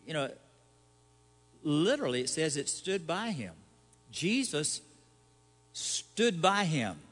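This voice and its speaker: Male pastor preaching in a reverberant hall. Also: on the high side. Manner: conversational preaching with rhetorical questions and light humor. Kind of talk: sermon.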